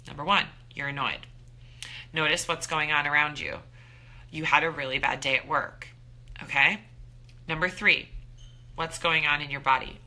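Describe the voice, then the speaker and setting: A woman in her thirties giving an upbeat, animated motivational talk as a wellness coach, acting out her own thoughts. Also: deep voice, normal speed, long pauses.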